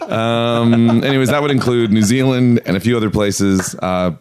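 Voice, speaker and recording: A man's voice: medium pitch, steady tone, normal speed, background noise. A man hosting a podcast in casual chat, joking and rambling with frequent restarts. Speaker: podcast host.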